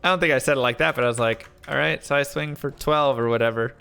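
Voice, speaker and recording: Bright-voiced male streamer telling a story. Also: mid-range voice, fast, vocal fry, clean tone. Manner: rambling, filler-heavy, animated retelling. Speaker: live streamer. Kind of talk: casual storytelling while gaming.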